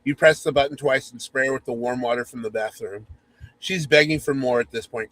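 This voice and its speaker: Male host reading a spoof romance aloud; mock-sultry, teasing, medium pitch. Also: fairly even intonation, fairly quick, fairly bright tone, rough recording. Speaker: podcast host.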